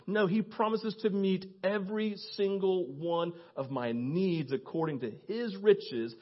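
Husky, animated man preaching a sermon. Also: high voice, measured pace. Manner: lively storyteller, acts out quoted voices, laughs often. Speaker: pastor. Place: church. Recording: dull lo-fi sermon recording.

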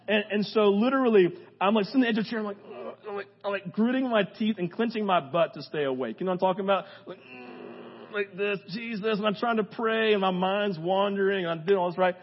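Man, young adult, pastor, casual joking sermon, high voice, muffled lo-fi sound. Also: fast talker, hardly any pauses. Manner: casual, joking, talks straight to the crowd. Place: church hall with a live congregation.

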